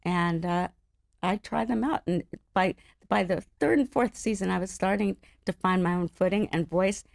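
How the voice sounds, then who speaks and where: A middle-aged woman from the Los Angeles area, an interview guest telling stories in an animated, laughing way. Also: on the low side, normal speed, gravelly, no echo, studio quality. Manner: animated, laughing, acts out other people's voices. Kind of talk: casual storytelling chat.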